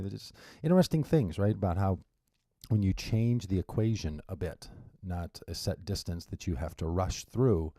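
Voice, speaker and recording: A low-voiced man hosts a radio show by himself, talking into a studio mic. His tone is mellow and relaxed, and he rambles casually with wry little asides. The sound is dry and close. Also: no room sound. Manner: chatty and rambling, with wry asides and frequent restarts. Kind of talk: casual solo radio monologue.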